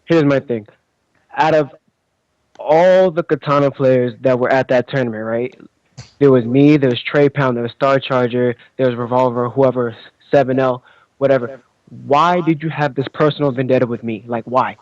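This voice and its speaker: A man's voice: medium pitch, steady tone, normal speed, darkish tone, no echo. Casting: male caller, mid-range voice, confrontational and pressing, dull lo-fi call audio.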